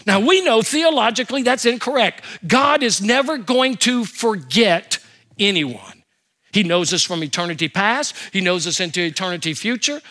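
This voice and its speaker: Lively older male preacher. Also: sits high, normal speed. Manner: animated, humorous storytelling with rhetorical questions. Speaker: pastor. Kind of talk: sermon.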